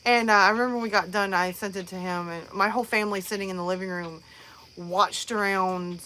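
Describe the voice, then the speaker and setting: A woman's voice: mid-range voice, steady tone, brisk, sharp tone. Woman host, chatty live-stream rambler, restarts a lot, faint background noise. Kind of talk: casual live-stream chat.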